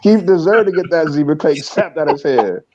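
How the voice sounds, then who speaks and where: A man and former coach chatting casually, telling animated stories and acting out other people's lines. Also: fairly high pitch, a little fast, highs cut off, noisy background. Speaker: former coach, podcast co-host. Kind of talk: casual chat.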